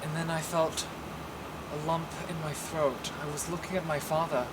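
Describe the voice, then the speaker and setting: A man's voice: on the high side, flat delivery, close to an everyday voice. A man playing an earnest, shaken young son. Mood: solemn. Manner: halting, earnest storytelling with pauses. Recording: loud background noise.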